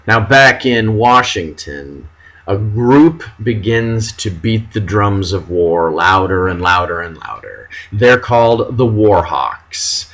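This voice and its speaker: A man teaching a history lesson, dramatic and animated, reading out period quotes with mock outrage. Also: lowish voice, slow, poor audio. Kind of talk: classroom history lecture.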